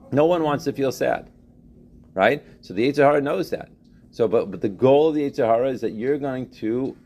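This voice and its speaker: A man teaching a religious text class, animated, questioning students and repeating phrases as he explains. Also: fairly low pitch. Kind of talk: interactive class lecture.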